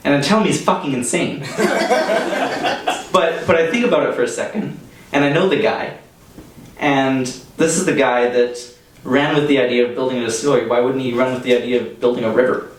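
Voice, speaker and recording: A man's voice: mid-range voice, normal speed, far from the mic, slight background noise. Chatty young man telling a story. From Canada. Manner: casual and chatty, lots of fillers, laughs through his own story. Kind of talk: live personal storytelling to an audience. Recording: echoey room, heard from off the mic.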